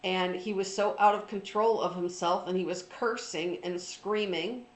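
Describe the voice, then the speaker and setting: A middle-aged woman telling a personal story in an informal, reflective talk, pausing often with ums and restarts. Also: mid-range voice, steady tone, roomy sound, rough recording. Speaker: trauma recovery speaker.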